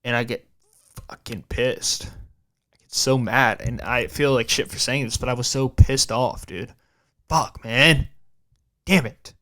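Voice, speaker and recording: Young man telling a halting story. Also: medium pitch, a bit bright. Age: young adult. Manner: halting and repetitive, restarting phrases, casual swearing. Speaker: podcast host. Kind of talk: personal storytelling on a podcast.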